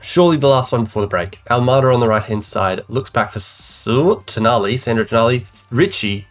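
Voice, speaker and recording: A man's voice: medium pitch, brisk, few pauses, faint music behind. A man giving live commentary on his own football management game, calling plays and venting frustration as he goes. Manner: animated, exasperated play-by-play commentary. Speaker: gaming YouTuber.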